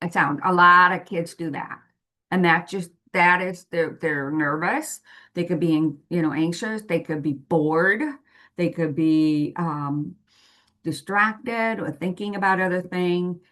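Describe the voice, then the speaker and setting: A woman with a slightly low voice guides parents through a talk, unhurried and deliberate. She explains patiently and leans on everyday examples to make each point clear. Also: a bit bright. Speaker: parent guide presenting to families. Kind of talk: slow, explanatory presentation to parents.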